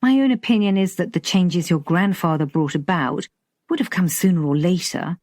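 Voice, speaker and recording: A woman narrator takes on a middle-aged father, steady and dry, laying out his reasons point by point. Her voice dips a little lower for him, in a close, dry recording. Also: moderate pace, no echo, lightly acted. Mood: measured. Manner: even, matter-of-fact explaining.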